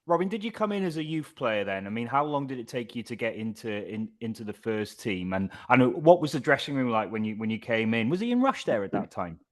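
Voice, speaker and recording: A male podcast host fires off questions quickly, his pitch rising and falling in lively swings. He stacks several questions together, restarting mid-sentence. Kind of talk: interview questions.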